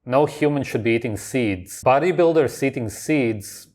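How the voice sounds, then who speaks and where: A man's voice: medium pitch, expressive, normal speed, a little mellow. A man hosting a reaction video, commenting on clips in a blunt, dismissive, contrarian way.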